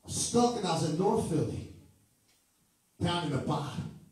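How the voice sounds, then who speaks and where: A man's voice: on the high side, expressive, moderate pace, darkish tone. A man preaching a sermon with fervour, moving between sing-song chanting and joking asides to the congregation. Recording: echoey room from far off with music. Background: music.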